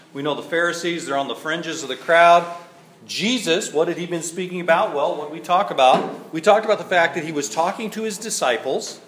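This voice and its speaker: A man's voice: a little high, a bit bright. A male pastor preaching a sermon in a church, reading scripture aloud and then explaining it in a conversational way that keeps checking in with "right?". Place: church sanctuary. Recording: roomy echo, faint background noise.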